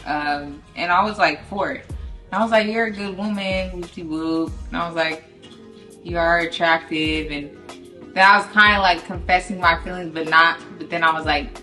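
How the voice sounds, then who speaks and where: Woman, casual storytelling, slangy, bright tone, lowish pitch. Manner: casual slang, restarts, quotes herself. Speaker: vlogger telling couple story.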